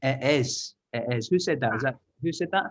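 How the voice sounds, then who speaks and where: A man's voice: mid-range voice, expressive, brisk. A man leading an online language-teaching taster class, upbeat and encouraging, explaining sounds step by step. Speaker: English teaching trainer. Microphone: video call. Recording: muffled video-call audio.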